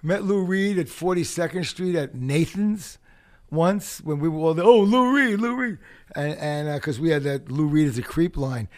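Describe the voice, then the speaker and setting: A man, a podcast guest telling profane, animated stories. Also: a little high, moderate pace. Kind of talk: storytelling chat.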